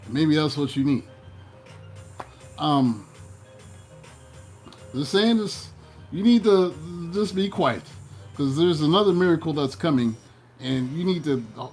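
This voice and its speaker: A man with a slightly raised voice reads tarot cards in a casual, playful manner. He teases the listener and throws in jokey asides and quick mocking voices. Faint music plays underneath. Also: a little high. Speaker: tarot reader.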